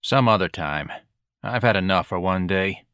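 A bored company owner, as a male reader plays him, brushing things off in a flat, unbothered way and close to the narrator's own voice. The sound is close and dry. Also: low-pitched, moderate pace, smooth, no echo. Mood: weary. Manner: bored, dismissive.

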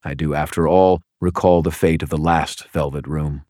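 A polished male crime boss, as a man puts him on in an audiobook speaks with formal, measured calm. The voice sits very low. The recording is dry and close, with no room sound. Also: no room sound. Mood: cool, courteous. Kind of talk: audiobook character voice.

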